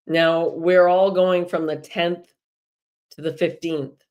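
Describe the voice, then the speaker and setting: A woman's voice: fairly low pitch, flat delivery, slow, darkish tone, dull audio. A woman hosting a live spiritual energy show, talking casually and chattily to viewers and laughing often.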